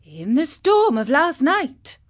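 A gentle, well-mannered dolphin, as a woman reading a storybook puts him on, speaking slowly and carefully. His voice sits a little higher than plain talk, with an unhurried, knowing calm. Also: heavily acted. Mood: grave. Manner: courteous and measured. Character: polite, calm male dolphin, older and knowing.

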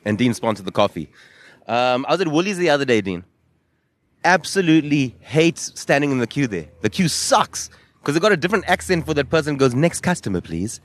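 A man's voice: fairly high pitch, expressive, a little fast. A South African man hosting a podcast, joking and bantering with passers-by on a seaside promenade into a handheld mic. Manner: jokey, playful banter. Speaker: podcast host. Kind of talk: casual street interview. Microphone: handheld microphone.

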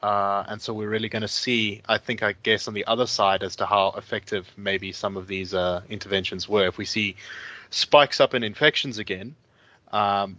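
A man in casual discussion who speaks thoughtfully and hesitantly, filling his pauses with ums and uhs. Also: fairly low pitch, pushed and bright, no room sound. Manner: thoughtful, hesitant, many fillers.

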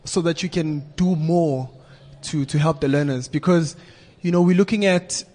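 A man hosting a panel discussion, asking measured, probing questions. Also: on the high side, mellow. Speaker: host. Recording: reverberant room.

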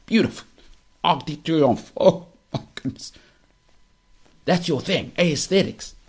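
A man's voice: fairly high pitch, expressive, takes it slowly, slightly rough. A young South African man hosting a podcast, delivering an opinionated monologue in a teasing, emphatic way that keeps repeating its punchlines. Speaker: podcast host.

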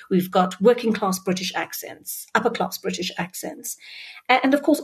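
A woman interviewer from a publisher, asking measured, thoughtful questions. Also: mid-range voice, darkish tone, slightly rough.

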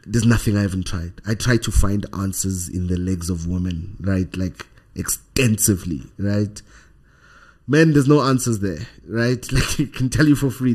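A man with a South African accent, a podcast guest telling a personal story in animated conversation, often ending sentences with "right?". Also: on the low side.

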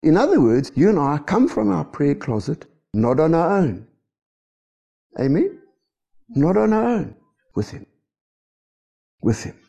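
Brief: a male preacher, dark and husky voice, lively swings in pitch, checking in with the room. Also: a little slow, pauses often, muffled recording. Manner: animated, asks rhetorical questions. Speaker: pastor. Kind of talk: sermon.

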